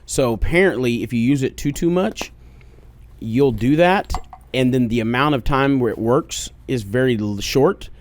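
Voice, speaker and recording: A man's voice: medium pitch, normal speed. A man with an Oklahoma accent co-hosting a casual podcast, blunt and joking, swearing freely at a studio microphone. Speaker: podcast co-host.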